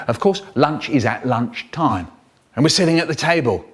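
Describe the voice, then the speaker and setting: A man's voice: medium pitch, animated, normal speed, husky. A man telling comic stories in spliced bits, jumping between the voices of family members. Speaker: storyteller.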